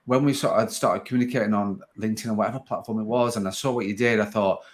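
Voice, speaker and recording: A man's voice: on the low side, steady tone, quick pace. Chatty Sheffield man hosting a podcast. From Sheffield, England. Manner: rambling, self-interrupting, chatty. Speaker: podcast host. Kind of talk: relaxed podcast interview.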